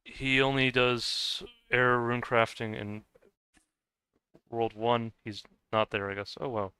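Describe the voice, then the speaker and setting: A man's voice: medium pitch, level tone, slow pace, bright, forceful tone, clean tone, no echo. A man streaming a game and chatting casually, rambling and hesitant, with many fillers, restarts and frequent laughs. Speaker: gaming streamer. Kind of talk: casual chat while playing a game. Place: lives in the US.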